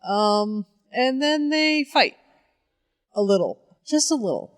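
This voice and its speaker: A woman's voice: high voice, animated, takes it slowly, no echo, studio quality. A woman co-hosting a casual comic-book chat, recapping plots in an irreverent, profane way and acting out the characters. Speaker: podcast co-host.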